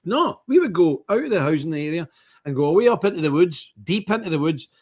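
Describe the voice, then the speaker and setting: Ranting man, husky and lively. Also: a little high, quick pace. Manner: scornful, ranting, animated. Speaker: live stream host. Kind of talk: impassioned commentary.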